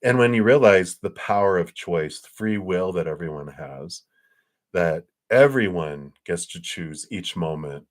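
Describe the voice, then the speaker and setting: A man giving a casual spiritual talk on a livestream, animated and acting out quotes between chuckles. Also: low voice, unhurried. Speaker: spiritual reader.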